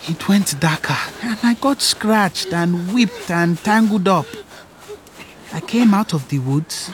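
A woman narrating a story in the first person, hushed and wondering. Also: on the low side, expressive, slow, a little hiss or hum.

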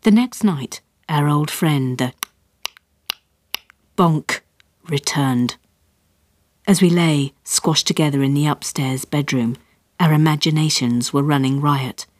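A woman's voice: low-pitched, slow, long pauses, no room sound. Woman reading a comic memoir. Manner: lively comic storytelling, rising with excitement. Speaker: author reading her own memoir. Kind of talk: storybook reading. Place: radio studio.

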